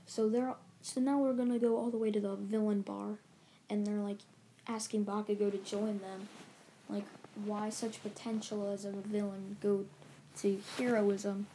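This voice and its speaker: A woman hosting her own channel rambles through a casual story recap, often restarting her sentences and leaning on filler words. Her voice stays mellow and low in brightness, and her pitch barely moves. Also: little pitch movement, normal speed, a little hiss or hum. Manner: rambling, loose retelling with many restarts and "like"s. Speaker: channel host.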